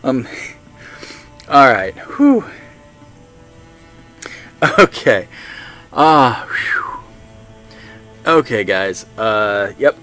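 A male game streamer chatting to his viewers, thinking aloud and laughing often. He talks at an unhurried pace with a lively, bouncing pitch. Faint music plays behind him. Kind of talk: casual live-stream chat while playing.

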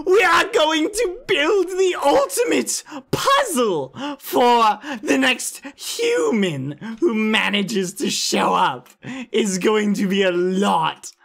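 A man voicing a loud, boastful, goofy game skeleton who shouts theatrically. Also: high voice, vocal fry, pitched above the performer's own voice, full character voice.

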